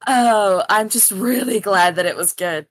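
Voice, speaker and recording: A woman's voice: medium pitch, a little slow, no room sound. A woman casually playing a tabletop game, hesitant and full of fillers. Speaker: player.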